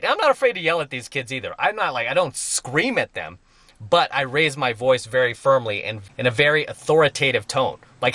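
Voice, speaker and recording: A man's voice: mid-range voice, lively intonation, a little fast, sharp tone. A middle-aged man giving a blunt, emphatic monologue as a dating coach, repeating his points for stress. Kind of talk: opinionated monologue to viewers.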